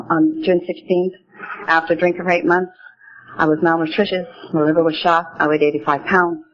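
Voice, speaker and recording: An older woman speaking at a recovery meeting, telling her own story in a plain-spoken, earnest way from the podium. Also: sits low. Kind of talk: personal testimony talk. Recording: dull lo-fi recording.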